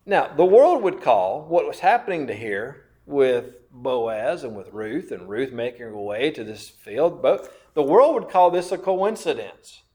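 A man preaching a sermon, slow and emphatic, repeating phrases and asking questions of his listeners. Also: mid-range voice, very animated, warm tone. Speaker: pastor.

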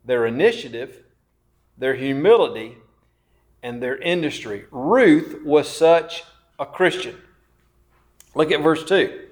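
A man preaching a sermon, slow and emphatic, repeating phrases and asking questions of his listeners. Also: on the high side, lively intonation. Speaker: pastor.

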